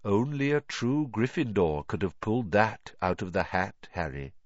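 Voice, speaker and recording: A man voicing a wise, gentle old male headmaster who speaks softly and calmly, on a dull lo-fi recording. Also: on the low side, no room sound. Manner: soft, calm, measured.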